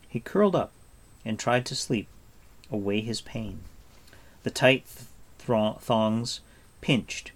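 Gravelly, expressive male storyteller. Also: fairly low pitch. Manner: expressive storyteller, acts out sounds and moods. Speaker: audiobook narrator. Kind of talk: scripted fantasy narration.

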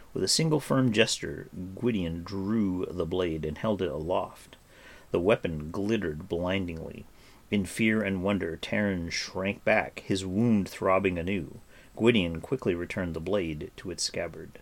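A man narrating a storybook with an expressive reading. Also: low-pitched, measured pace.

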